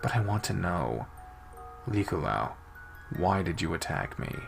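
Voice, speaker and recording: A man hosting a let's-play, reading a visual novel aloud with expressive delivery that swings between soft and loud. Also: low voice, measured pace, creaky, faint music behind. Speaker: game let's-play host.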